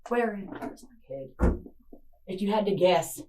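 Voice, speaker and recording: This emotional confrontation features a woman with a medium-pitched, slightly mellow voice, speaking a little slowly but animatedly. As the mother of a missing child, she pleads, rages and curses at someone in an interrogation room, heard through a distant surveillance camera with faint noise.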